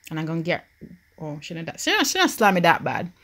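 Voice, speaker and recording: A woman's voice: low-pitched, fast. Jamaican woman narrating her Sims game. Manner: animated, swings from quiet worry to loud joy. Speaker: gaming YouTuber. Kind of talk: Sims let's-play commentary.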